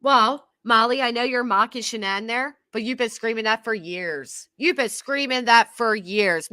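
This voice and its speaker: A woman's voice: a little high, moderate pace, hardly any pauses, pushed and bright, dry recording, studio quality. A middle-aged woman hosting a reaction commentary, sarcastic and scornful, repeating herself for emphasis. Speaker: commentary channel host.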